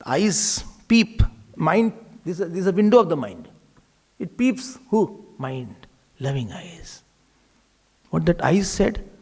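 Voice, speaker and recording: A man, a swami giving an animated devotional discourse who acts out dialogues and sometimes drops to a whisper. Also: high voice, slow, pauses often, husky. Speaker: swami, spiritual teacher.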